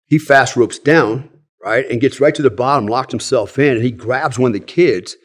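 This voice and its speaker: A man's voice: medium pitch, moderate pace. A man in his sixties, a podcast guest telling old army stories in a frank, rambling way, often tagging sentences with "right?". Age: 60s. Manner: rambling, tags sentences with "right?" and "you know"; frank, swears casually. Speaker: podcast guest, former special forces soldier. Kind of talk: casual storytelling in conversation.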